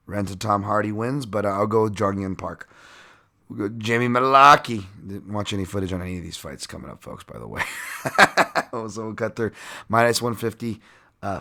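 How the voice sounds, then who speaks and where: A man's voice: fairly low pitch, bright, forceful tone. A man hosting a podcast, breaking down fight bets in a rambling, self-mocking way and chuckling often. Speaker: podcast host. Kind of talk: casual sports-betting breakdown.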